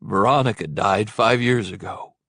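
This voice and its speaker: A man voicing a kindly middle-aged truck driver, soft-spoken and pleading, in a storybook reading. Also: fairly low pitch, normal speed, no echo, clean studio sound.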